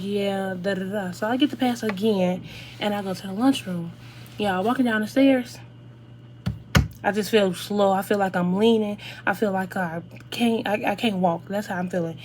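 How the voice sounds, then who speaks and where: Young woman vlogger, casual rambling storytime, faint hum behind. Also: mid-range voice. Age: young adult. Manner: rambling, animated retelling with slang.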